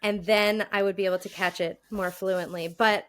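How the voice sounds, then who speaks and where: A woman's voice: medium pitch, normal speed, clean tone. A woman from Long Island, a former speech pathologist, telling stories in casual chat and laughing often. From Long Island, New York. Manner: lively storyteller, laughs often.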